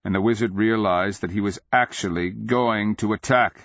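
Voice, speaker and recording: A man narrating a fantasy audiobook in a measured, grave, deliberate way. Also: low voice, a bit bright, no room sound. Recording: dull lo-fi audio.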